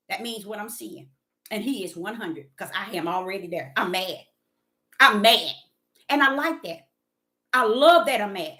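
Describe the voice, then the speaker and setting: Woman preaching hard, high bright voice jumping all over, repeats herself in rhythm. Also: sing-song, measured pace, long pauses. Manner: fervent, rhythmic and repetitive, swings between loud and soft. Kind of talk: impassioned preaching monologue.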